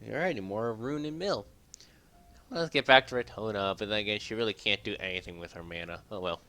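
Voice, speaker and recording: A man's voice: fairly low pitch, fairly quick, sharp tone, faint music behind. A man playing a story game, chatting casually between read lines. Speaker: game player. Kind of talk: let's play commentary and reading.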